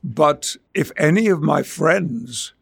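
An older English actor from Yorkshire with a gravelly voice, speaking in trained stage English in a measured, theatrical interview manner. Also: male voice, on the high side, animated. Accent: English, trained stage speech. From Yorkshire, England. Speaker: actor, guest. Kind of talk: interview conversation and dramatic verse reading.

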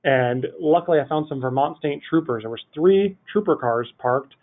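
A man, a guest on a podcast, telling a funny anecdote in an animated, rambling way full of "like". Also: a little high, normal speed. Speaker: podcast guest, city project manager. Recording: tinny phone-line audio.

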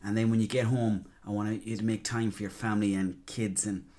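A man's voice: lowish voice, flat delivery, brisk, natural voice. A man mimicking a bossy male fitness-obsessed podcaster who barks orders and swears. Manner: loud and commanding, sweary.

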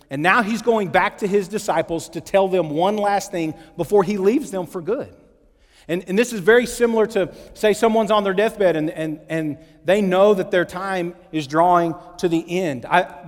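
A man preaching a sermon in a church, lively and acting out the quotes with big swings in pitch and loudness. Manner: animated, acts out quotes with shifting pitch and volume. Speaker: pastor. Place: church sanctuary. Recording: long hall reverb.

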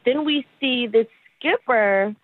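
A woman's voice: on the high side, takes it slowly, no room sound. A woman on the phone to a radio show, telling a story in a chatty way full of "like". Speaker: caller on the phone. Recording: tinny phone line.

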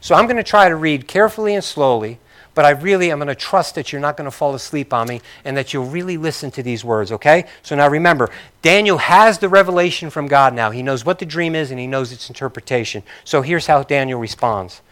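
Conversational male preacher, higher voice. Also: lively intonation, a little fast, fairly bright tone. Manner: conversational, self-deprecating asides, apologetic. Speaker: pastor. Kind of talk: sermon.

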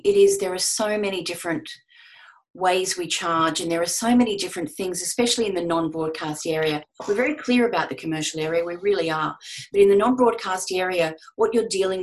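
Frank woman giving advice. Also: fairly low pitch. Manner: frank, conversational, restarts often. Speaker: voice-over panel host. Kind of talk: webinar Q&A advice. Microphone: video call.

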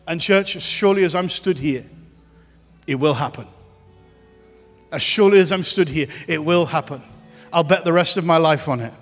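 Male preacher, high voice, impassioned repetitive cadence, echoing church hall, soft music behind. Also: normal speed, long pauses. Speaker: pastor. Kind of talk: sermon. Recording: hall reverb with faint music.

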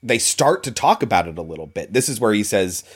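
A man co-hosting a casual film discussion, talking in a relaxed, loose way with plenty of fillers. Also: lowish voice, fairly quick, husky. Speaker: podcast co-host.

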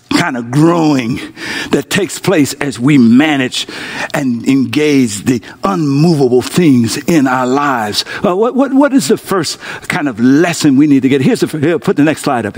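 A husky, fairly high-voiced man delivers a sermon as pastor. He calls out to his listeners to respond, lifting into soaring peaks and then dropping into low, close tones. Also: darkish tone. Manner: preaching with call-and-response to an online audience; swings from soaring exclamations to low intimate tones.

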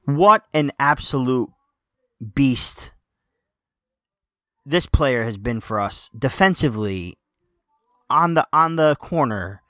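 A man talks football on a podcast, getting emotional and tripping over his words as he restarts sentences. His voice sits at a middle pitch and the recording sounds close and dry, with no room around it. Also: lively intonation, fairly bright tone, dry recording. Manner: emotional, halting, many restarts. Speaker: podcast co-host, Napoli fan. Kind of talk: casual football podcast chat.

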